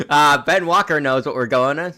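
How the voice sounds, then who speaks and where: A man's voice: fairly high pitch, moderate pace, bright, forceful tone. A young man streaming a game in casual chat, rambling and restarting his words, with a slightly sore throat. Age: young adult.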